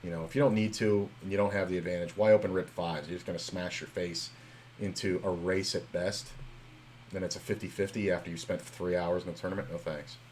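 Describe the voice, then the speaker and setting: A man's voice: deep voice, fairly even intonation, brisk, darkish tone, slight background noise. A young man streaming live, chatting casually and telling stories in a loose, rambling way full of fillers and swearing.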